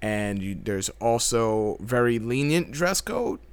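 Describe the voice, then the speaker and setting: A man co-hosting a casual podcast, explaining things in a measured way with a few restarts. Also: mid-range voice, very animated, clear, resonant tone. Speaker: podcast co-host. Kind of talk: casual conversation.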